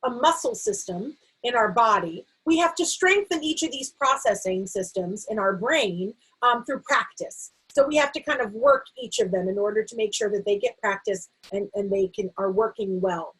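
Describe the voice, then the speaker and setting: A woman's voice: fairly high pitch, big pitch swings, moderate pace, few pauses, fairly bright tone, husky, poor audio. A middle-aged American woman, a literacy educator, explaining a teaching framework in an explanatory way with frequent fillers and restarts.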